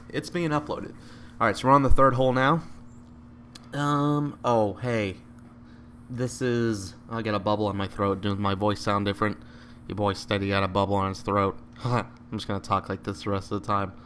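A man with a fairly low voice commentates a video game live, chatty and playful. He jokes around and yelps at good or bad shots, with a faint hiss behind him. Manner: excitable, joking, bursts out at shots. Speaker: gameplay commentator.

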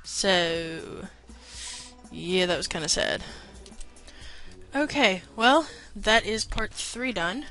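Woman, gamer, casual play commentary, bright voice, playful asides to enemies, faint background music. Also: medium pitch, animated, extremely slow, pauses often. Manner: chatty, playfully scolding the game's enemies. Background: faint game music.

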